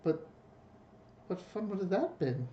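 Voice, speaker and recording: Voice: medium pitch, animated, unhurried, dark tone, slight background noise. A player at a tabletop role-playing game, talking in character with a wry, teasing manner. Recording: dull lo-fi home recording.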